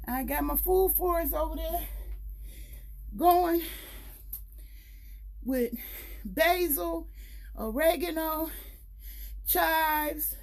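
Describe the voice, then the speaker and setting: A woman's voice: very high voice, extremely slow, gravelly, pauses often, a little mellow. A woman filming a casual gardening vlog in her house, chatting to viewers and sometimes out of breath. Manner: chatty, talks to viewers as y'all. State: out of breath at times. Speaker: gardening vlogger. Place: house and grow room, indoors. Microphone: handheld camera, then set down.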